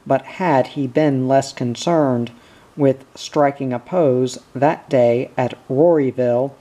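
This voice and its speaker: A man narrating a short story in a measured, deliberate reading. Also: medium pitch, fairly even intonation, warm tone, muffled recording. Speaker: audiobook reader.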